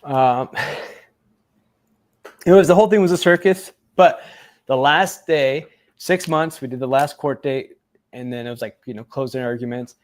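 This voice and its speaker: A man's voice: medium pitch, a little slow, pauses often. A man, a former Navy SEAL, telling a long personal story in a casual interview, with lots of fillers, acting out the voices of the people he quotes. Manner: animated retelling, acts out quoted voices, many fillers.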